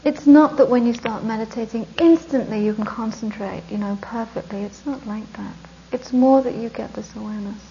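A woman with a fairly high but mellow, soft-edged voice gives a relaxed Buddhist dharma talk. She keeps it conversational, tosses in rhetorical questions and laughs easily as she teaches. The recording is dull and lo-fi. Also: fairly quick, creaky, hardly any pauses, a little hiss or hum.

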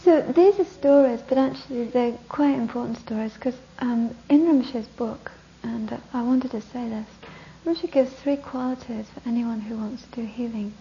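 A woman Buddhist teacher giving a talk, telling a story with lively narration that often drops to a whisper. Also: a little high, moderate pace, few pauses. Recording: dull lo-fi recording with faint hiss.

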